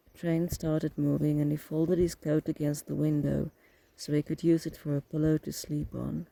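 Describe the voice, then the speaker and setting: A man narrating an audiobook in a steady, flat reading with a gravelly rasp. His voice sits somewhat high but sounds dark and mellow, recorded dry and close with no room sound. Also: normal speed, no echo, low-quality recording. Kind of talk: scripted narration.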